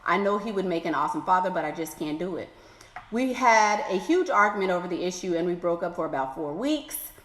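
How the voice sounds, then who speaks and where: A woman's voice: lowish voice, animated, a bit bright. Sassy woman in an echoey room. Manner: sassy, exclaiming, playful drawn-out asides. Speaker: advice vlogger reading letters. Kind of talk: animated advice commentary. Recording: echoey room with long reverb.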